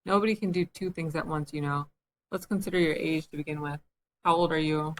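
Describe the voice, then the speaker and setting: A flustered, scatterbrained old queen, voiced by a woman reading a storybook aloud. She frets and pleads in a fussy manner, and the voice stays fairly low. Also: steady tone, brisk, slight background noise, natural voice. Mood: fretful.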